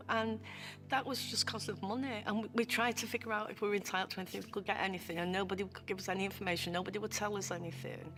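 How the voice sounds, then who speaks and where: A woman's voice: medium pitch, steady tone, very fast, a bit bright, soft background music. A woman giving a heartfelt filmed testimony as a former client, often repeating phrases for emphasis.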